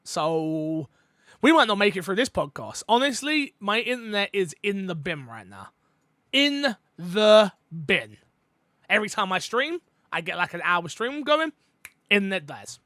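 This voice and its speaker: Lively high British man hosting. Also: moderate pace, dry recording, clean studio sound. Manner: playful, jokey, trying out silly voices. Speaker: podcast host. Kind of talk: casual podcast chat.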